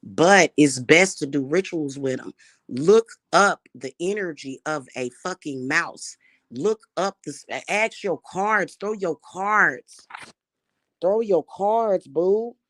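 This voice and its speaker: A woman's voice: on the low side, takes it slowly, fairly bright tone, dry recording. A woman talking casually to camera, brash and profane, about witchcraft and spirit work. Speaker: spiritual reader and vlogger.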